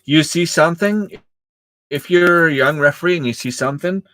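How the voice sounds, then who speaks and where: A man's voice: normal speed, fairly bright tone, no room sound. Man chatting on a dry close mic. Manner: storytelling, acting out quoted exchanges with rising pitch; hesitant, many fillers and restarts. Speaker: youth soccer coach and channel host. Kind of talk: casual livestream chat.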